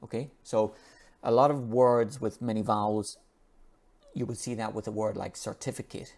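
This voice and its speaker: A man with a fairly low voice gives a relaxed, unscripted English pronunciation lesson. He reads an article aloud and keeps stopping to repeat sounds and words slowly, so students can copy him. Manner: slow and repetitive, drawing out and repeating sounds. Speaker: English teacher.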